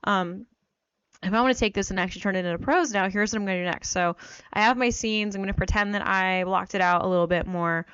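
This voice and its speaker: A woman's voice: mid-range voice, fast talker, fairly bright tone, smooth, no room sound, muffled recording. A woman teaching fiction writing in a casual, chatty tutorial, self-deprecating and full of fillers, talking while she types and just getting over a cold. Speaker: writing coach. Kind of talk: casual screen-share tutorial. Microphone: new microphone.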